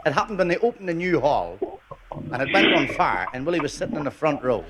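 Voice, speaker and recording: A male comedian spins his jokes as short stories, his voice lively in pitch and slightly high. He slows into a deadpan build before each punchline. An old recording with a loud hiss sits under him. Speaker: stand-up comedian. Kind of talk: stand-up storytelling.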